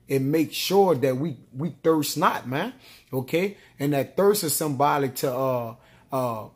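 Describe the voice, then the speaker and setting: A man teaching a sermon from scripture, ending nearly every line with "man" and "all right?" and reading verses aloud slowly. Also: a little high, darkish tone. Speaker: preacher.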